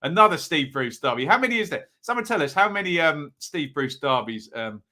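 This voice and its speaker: A man's voice: fairly high pitch, sing-song, fairly quick, sharp tone. A man hosting a live football predictions stream, chatting casually, reading out viewers' picks and tossing in tag questions. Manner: chatty and upbeat, many ums and rhetorical tag questions.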